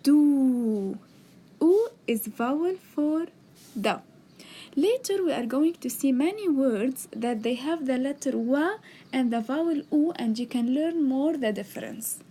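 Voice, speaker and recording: With a warm, high-pitched voice and lively intonation, a woman moves at a measured pace through a beginners' alphabet lesson. She patiently sounds out letters and words and explains each step in slow lesson narration, picked up by a tablet microphone.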